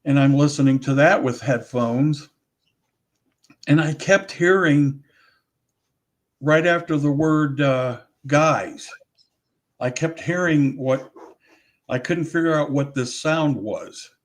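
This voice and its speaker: A man's voice: on the high side, slow, long pauses. An older man talking casually as an interview guest, rambling with many restarts and self-corrections as he recalls his audio work.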